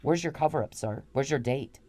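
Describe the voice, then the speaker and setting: A woman's voice: extremely low pitch, fairly quick, dark tone. Angry, profane woman ranting at someone. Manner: confrontational, repetitive, profane. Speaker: podcast host. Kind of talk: angry monologue addressed to one man.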